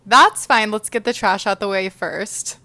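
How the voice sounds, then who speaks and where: A woman's voice: mid-range voice, a little slow, sharp tone. A young adult woman co-hosting a podcast in casual chat, dropping dry, teasing quips. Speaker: podcast co-host.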